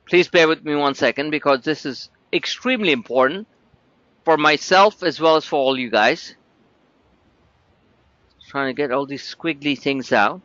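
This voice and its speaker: Emphatic high-voiced man hosting a trading webinar. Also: normal speed, long pauses, fairly bright tone, no echo, highs cut off. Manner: emphatic, repetitive, talks straight to viewers. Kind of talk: live webinar chart walkthrough.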